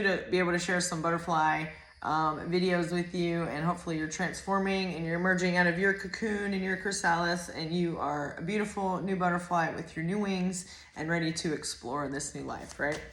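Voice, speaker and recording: Brief: woman, lowish voice, rambling card reader who gets excited and curses casually, echoey room. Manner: chatty, rambling, excitable, swears freely. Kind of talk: casual oracle card reading.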